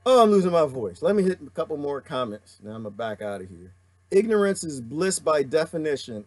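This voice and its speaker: A man's voice: a little high, big pitch swings, moderate pace, no room sound. A man hosting a livestream, reading viewer comments and delivering an impassioned, preachy rant full of emphatic repetition.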